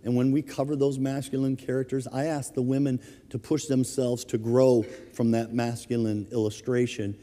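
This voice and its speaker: Middle-aged guy pastor giving a sermon, animated storyteller, long echo off a big hall. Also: medium pitch, normal speed, hardly any pauses. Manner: storytelling, animated, chuckles through anecdotes. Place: church sanctuary.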